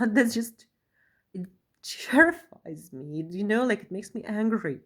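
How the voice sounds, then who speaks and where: A woman talking to camera in an emotional vlog monologue, tagging her phrases with a questioning "yeah?" and swinging between pressing outbursts and quiet, low stretches. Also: lively intonation, a little slow. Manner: keeps adding a questioning "yeah?" after phrases. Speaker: vlogger.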